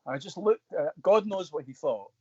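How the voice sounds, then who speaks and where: A man's voice: fairly high pitch, moderate pace, slightly rough, no echo. A Scottish actor, a man, telling long rambling stories in an interview, with many restarts. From Scotland. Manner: rambling, restarts, animated retelling. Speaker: guest actor. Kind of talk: storytelling in an interview. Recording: dull dry lo-fi sound.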